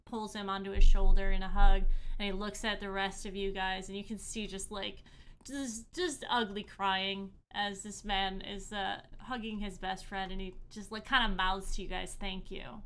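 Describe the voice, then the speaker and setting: A woman narrating and running a tabletop game as game master, animated and often laughing. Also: mid-range voice, normal speed, a little hiss or hum.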